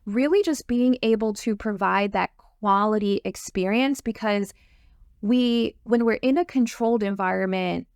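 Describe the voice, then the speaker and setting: Gravelly-toned eager woman host. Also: mid-range voice, measured pace, darkish tone, no room sound, clean studio sound. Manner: upbeat, eager, fillers and restarts. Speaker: host, sound therapy course creator. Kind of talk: enthusiastic course promo chat.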